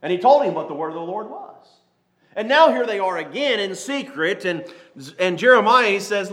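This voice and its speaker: Animated preacher, bright lively voice. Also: male voice, high-pitched. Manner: switches from slow King James reading to lively paraphrase. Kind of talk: sermon with scripture reading.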